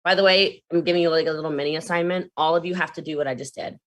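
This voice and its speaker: A woman giving an energetic network marketing training talk, animated and quick to jump between demonstrations and asides. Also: low voice. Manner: fast, animated, jumps between demos and asides.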